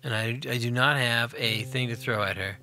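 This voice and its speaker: A man's voice: medium pitch, fairly even intonation, moderate pace, bright, forceful tone, soft background music. A man hosting a Let's Play, giving upbeat, chatty gameplay commentary and talking directly to viewers.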